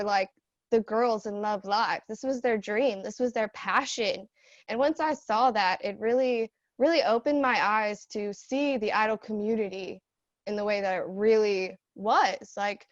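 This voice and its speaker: A woman's voice: fairly high pitch, no echo. A young woman in a casual group Q&A, earnestly telling a personal story with many fillers like "um" and "like". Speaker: idol dance group member. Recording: dull, dry lo-fi audio.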